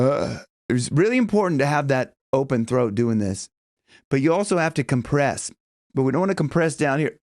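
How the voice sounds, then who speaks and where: Chatty male vocal coach, lively pitch. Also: brisk, no echo, clean studio sound. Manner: chatty, rambling, breaks into high sung examples and vocal fry. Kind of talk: casual vocal lesson with sung demonstrations.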